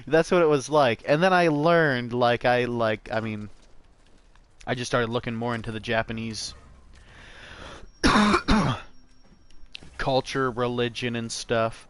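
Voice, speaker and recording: A young man talks over his gameplay in a relaxed, rambling way, swearing freely and drifting from topic to topic. His voice sits at an ordinary middle pitch and comes through smooth and clear on a desk mic. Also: normal speed, long pauses, dry recording. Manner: rambling, profane, laid-back, says "bro" and "man". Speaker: gameplay streamer. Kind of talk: casual gameplay commentary.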